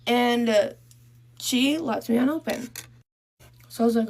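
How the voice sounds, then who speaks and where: A woman's voice: a little high, a little slow, gravelly, a little mellow. A young woman casually telling a story about her first relationship, frank and swearing, often trailing off and restarting.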